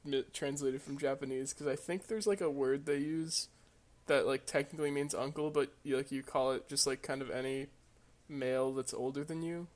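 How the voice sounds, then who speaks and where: A man co-hosting a podcast, explaining things in a halting, self-correcting way. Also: mid-range voice, steady tone. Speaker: podcast co-host. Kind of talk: casual chat.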